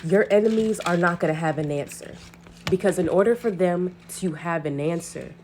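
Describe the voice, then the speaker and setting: A woman's voice: on the low side, moderate pace, darkish tone, a little hiss or hum. A woman reading a spiritual message to her viewers, talking earnestly and repeating rhetorical questions. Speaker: spiritual reader.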